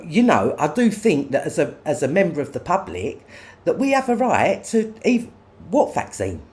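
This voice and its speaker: Angry ranter, wildly swinging pitch. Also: a little mellow. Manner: profane, confrontational, repeats "yeah?". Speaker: livestreamer. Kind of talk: angry livestream rant.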